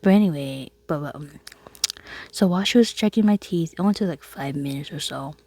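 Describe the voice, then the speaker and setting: A woman telling a casual storytime to her viewers, chatty and laughing, often dropping into a soft whisper. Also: deep voice, fairly quick. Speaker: vlogger.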